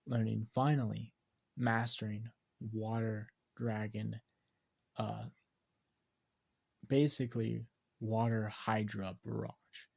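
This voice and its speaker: Brief: man telling a fan story off the cuff, husky, gravelly voice. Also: mid-range voice, a little mellow. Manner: rambling, many fillers and restarts. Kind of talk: casual fan-fiction narration.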